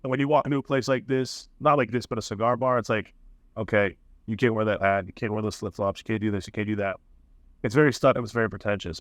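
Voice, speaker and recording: A man's voice: lowish voice, no echo. Rambling man talking casually in a bar. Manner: rambling, self-correcting, profane. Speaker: podcast co-host. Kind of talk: casual chat. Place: cigar bar.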